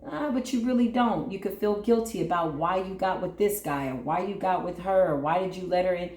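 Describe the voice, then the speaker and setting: A woman with a lowish voice reads tarot cards for her viewers in a soothing, repetitive way. She keeps checking in with a quick "right?". The sound is echoey, as if recorded in a bare room. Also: a little mellow. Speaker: tarot reader. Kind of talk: channel tarot reading.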